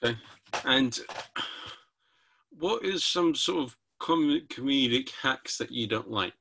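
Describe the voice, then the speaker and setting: A man's voice: medium pitch, animated, takes it slowly, creaky, sharp tone, a little hiss or hum. A man hosting a podcast, asking short questions and chatting casually with his guest. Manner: short prompting questions, easy laughs. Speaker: podcast host. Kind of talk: casual interview chat.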